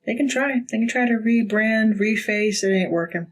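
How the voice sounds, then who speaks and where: A woman's voice: a little high, normal speed, poor audio. A woman giving a casual tarot reading, blunt and profane, laughing often. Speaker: tarot reader.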